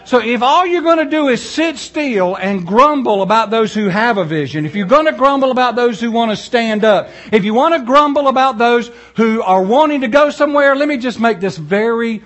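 A male pastor, preaching in a folksy, animated way with storytelling asides. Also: very high-pitched. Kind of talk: sermon.

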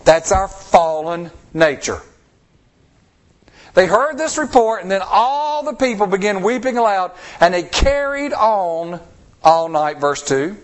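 A male pastor giving an expressive sermon, asking the congregation rhetorical questions and acting out the voices of people he quotes. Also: a little high.

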